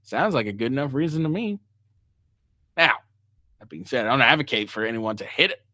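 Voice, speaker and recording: A man's voice: mid-range voice, expressive, a little fast, sharp tone, dry recording, studio quality. A man hosting a reaction commentary, ranting angrily with heavy profanity. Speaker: commentary host.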